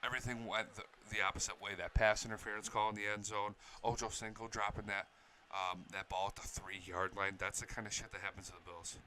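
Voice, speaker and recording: A young man reacting to game highlights as an excitable fan, swearing freely and yelling at the big moments. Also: fairly quick, slight background noise. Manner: excitable, profane, shouts at big plays. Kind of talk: casual fan reaction commentary.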